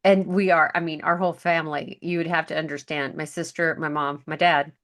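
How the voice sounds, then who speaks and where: A woman's voice: deep voice, steady tone, brisk, fairly bright tone. A woman co-hosting a podcast, chatting casually and chiming in often. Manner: chatty, agreeable, jumps in often. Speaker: podcast co-host. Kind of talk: casual chat.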